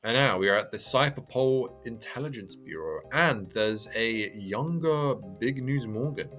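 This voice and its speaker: A man's voice: medium pitch, expressive, measured pace, hardly any pauses, a bit bright, soft background music. A man hosting a reaction channel, reading a manga aloud and commenting in a chatty, hesitant way. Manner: chatty, hesitant with many fillers.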